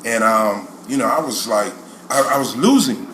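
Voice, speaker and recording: A man's voice: lowish voice, moderate pace. A man hosting a podcast, telling a childhood story in casual chat and acting out the people in it. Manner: animated, acts out quoted voices, laughs often. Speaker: podcast host. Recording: echoey room with noise.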